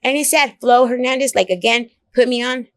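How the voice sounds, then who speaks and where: A woman comedian telling a story in a casual interview, blunt and profane, animated as she talks. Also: on the high side, brisk, no echo. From Oak Cliff, Dallas area, Texas. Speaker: comedian guest.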